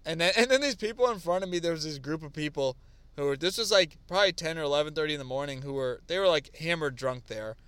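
A man co-hosting a casual podcast, rambling through stories with plenty of fillers. His voice sits a bit high and comes through smooth and resonant. The room is dry, with no reverb. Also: quick pace. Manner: animated storytelling with lots of fillers. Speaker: podcast co-host. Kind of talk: casual chat.

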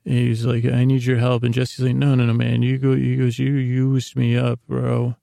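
A man with a heavily gravelly voice drifts through a casual recap for a sleep podcast, stopping and restarting as he goes. His tone stays flat and unhurried, with little rise and fall. The recording is close and dry. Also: mid-range voice, no echo. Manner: meandering, casual, many fillers and restarts. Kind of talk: rambling bedtime recap.

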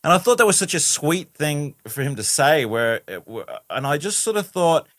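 A man's voice: on the high side, very animated, normal speed, hardly any pauses, fairly bright tone, no room sound, clean studio sound. A man, a guest in a casual interview who rambles and restarts his sentences, often adding "you know".

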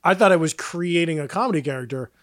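Man, podcast co-host, casual storytelling, acts out quotes, slightly high pitch, dry sound. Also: expressive, quick pace, a bit bright, no room sound. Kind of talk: casual chat.

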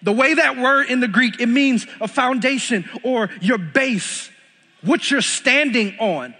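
A man's voice: extremely high pitch, a little slow, sharp tone, breathy edge. A young man with a Texan accent preaching a sermon as pastor, emphatic and repeating lines for stress. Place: church sanctuary. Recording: long reverb of a large hall.

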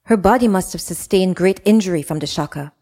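A composed, probing man, as a woman reads him in an audiobook, with a lowish, measured voice. His pointed questions ring out in a long reverb. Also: mellow, close to an everyday voice.

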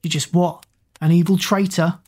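A woman reads a steady teenage boy hero in a children's audiobook. He speaks low and slow, in a calm and reassuring way. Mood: angry.

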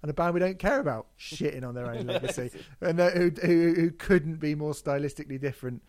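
A man's voice: a little high, fast talker, darkish tone. A man co-hosting a casual podcast, swearing freely and mocking himself with frequent laughter. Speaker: podcast co-host.

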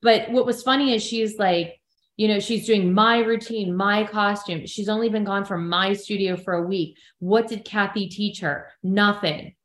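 Woman co-host, lively recap storyteller, recorded in an echoey room. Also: mid-range voice, moderate pace. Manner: animated storyteller, acts out quotes from others. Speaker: podcast co-host recapping a reality show she appeared on. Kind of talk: casual chat. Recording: roomy echo.

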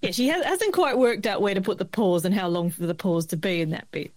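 Lively, wry woman. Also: mid-range voice, brisk, no echo. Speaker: podcast co-host. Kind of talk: casual chat.

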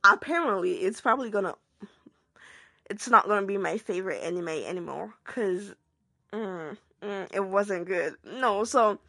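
A woman's voice: medium pitch, normal speed, vocal fry, bright, forceful tone, dry recording, studio quality. A young woman hosting her own podcast, ranting in a casual, slangy, exclamatory way. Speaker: podcast host. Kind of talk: casual solo rant.

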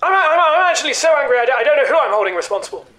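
A performer doing a rattled stage hypnotist who tumbles over his words in a rapid fluster, swearing in between, with a mid-height voice that sits right in the middle for a man. he is touchy and full of himself, a sketch comedy showman who is sure the whole world is against him. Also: medium pitch, expressive, a bit bright, lightly acted. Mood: indignant.

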